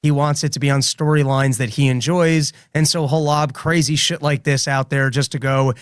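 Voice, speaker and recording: Co-host, man, slightly high voice, measured reasoning, dry mic. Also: steady tone, clean tone, no echo. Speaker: podcast co-host, comedian. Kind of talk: casual political commentary.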